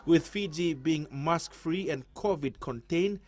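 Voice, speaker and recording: A man news reporter reading a scripted voice-over with brisk delivery. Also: on the high side, darkish tone.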